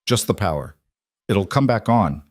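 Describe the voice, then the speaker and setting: Guy doing a steady low-voiced dad, calm and reassuring, dry sound. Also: moderate pace, no echo. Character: calm, steady handyman, single father.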